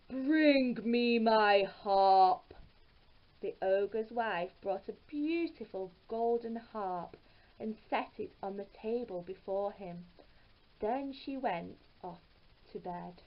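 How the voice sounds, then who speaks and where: A woman's voice: mid-range voice, highs cut off. A woman narrating a fairy tale aloud in a careful storybook reading. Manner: slow, careful read-aloud delivery.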